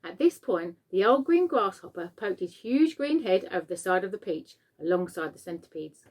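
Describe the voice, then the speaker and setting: Woman teacher, expressive read-aloud for children. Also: medium pitch, normal speed. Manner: expressive storytelling. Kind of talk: reading a children's book aloud.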